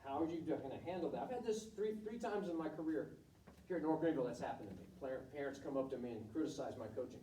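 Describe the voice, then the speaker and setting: A volleyball coach in middle age addresses students informally, his dark, slightly high voice fast and animated. He's candid and blunt, acting out quotes as he shares career stories; the echoey recording picks him up from afar with slight background noise.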